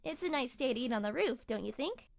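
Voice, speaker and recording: A woman voicing a clumsy, excitable schoolgirl heroine from a dating game, speaking in a bubbly, dramatic way. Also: high-pitched, quick pace, creaky, noisy background. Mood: chatty. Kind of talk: reading an otome game aloud.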